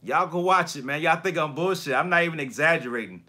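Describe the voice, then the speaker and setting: A man hosting a casual livestream chat about collectibles, talking in slangy, profane bursts and animated storytelling. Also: fairly high pitch, quick pace. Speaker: YouTube collector channel host.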